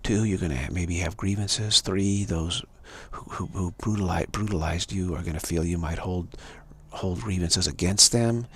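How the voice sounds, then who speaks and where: Deep raspy guy doing a live stream spiritual ramble, lots of repeats. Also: normal speed, hardly any pauses. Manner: repetitive, stumbling restarts, earnest. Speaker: spiritual teacher.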